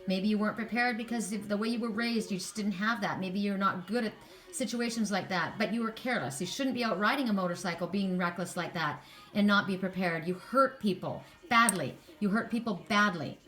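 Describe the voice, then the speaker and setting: A woman's voice: medium pitch, fairly quick, a bit bright. A woman reading tarot cards for her viewers, talking to them directly in an impassioned way and often repeating herself for emphasis. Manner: impassioned, talks straight to viewers, repeats words. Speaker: tarot card reader. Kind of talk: spiritual card reading monologue.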